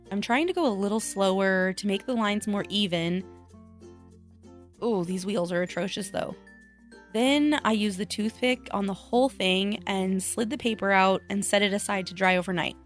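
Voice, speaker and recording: A woman crafter talking casually to her viewers in a chatty, self-deprecating way, thinking out loud as she works. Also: medium pitch. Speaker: craft vlogger. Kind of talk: casual voice-over vlog.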